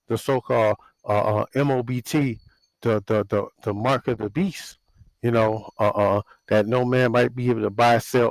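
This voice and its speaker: A man preaching casually outdoors on his porch, halting with long runs of repeated fillers and restarts in a warning tone. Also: mid-range voice, dry recording, low-quality recording. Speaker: religious video host. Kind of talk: casual street sermon.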